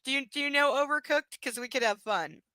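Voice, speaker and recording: A woman's voice: high voice, animated, brisk, pushed and bright, no echo, poor audio. A woman streaming, reading a novel aloud and chatting bluntly, swearing freely and ranting animatedly. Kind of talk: casual live-stream reading and chat.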